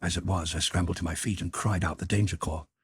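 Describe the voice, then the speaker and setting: A male audiobook narrator with a very deep, strongly husky voice. He reads in a measured, even way, close to the mic in a dry, dead room. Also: dry recording.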